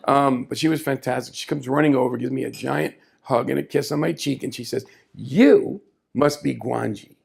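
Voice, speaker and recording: Gravelly man telling a story. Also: medium pitch, quick pace, few pauses, a little hiss or hum. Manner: animated, chatty, asides to the audience. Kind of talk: live storytelling performance. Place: small café stage.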